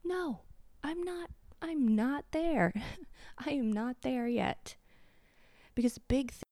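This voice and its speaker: A woman's voice: high voice, lively intonation, slow pace, dark tone, no room sound. A woman in her thirties hosting a confessional solo podcast from home, tearful and sniffling, candid and blunt. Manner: candid, blunt, swears freely. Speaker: podcast host.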